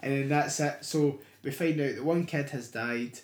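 A man's voice: medium pitch, normal speed, reverberant. A young man co-hosting a casual podcast chat, sarcastic and sweary, sometimes reading aloud in a mock-dramatic voice. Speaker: podcast co-host.

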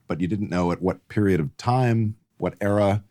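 A man's voice: lowish voice, normal speed, mellow. A man talking as a guest in a casual chat, wry and opinionated, arguing with vivid examples.

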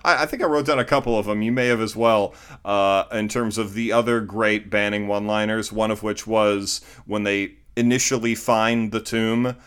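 A man's voice: on the low side, fairly even intonation, normal speed, hardly any pauses, a bit bright, clear, resonant tone. A man co-hosting a casual movie review chat in a dry, wry manner. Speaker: podcast co-host.

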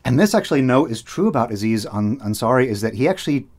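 Animated and fast, an American public radio host speaks as a guest in relaxed conversation, frequently repeating words as he works through his thoughts. His voice is medium-pitched with a darkish tone.

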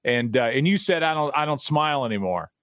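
A middle-aged man, a broadcaster, telling stories in casual chat, animated and restarting his sentences. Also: medium pitch, brisk, clean tone, dry recording, clean studio sound. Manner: animated, repeats words when starting sentences. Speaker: guest broadcaster. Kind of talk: casual storytelling.

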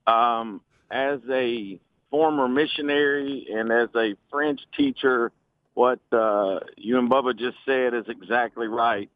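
A man's voice: mid-range voice, takes it slowly, dry recording. A man with an Alabama accent, a former missionary and French teacher, calling in to a radio talk show and explaining patiently with folksy humor. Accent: Southern US, Alabama. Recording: tinny phone line.

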